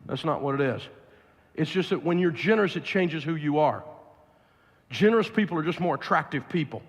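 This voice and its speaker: A man's voice: a little high, expressive, fairly quick, husky. Blunt Southern man in a big hall. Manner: blunt, emphatic, preachy. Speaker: financial speaker. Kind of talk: live seminar talk to an audience. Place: large live event venue. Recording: long hall reverb from a large venue.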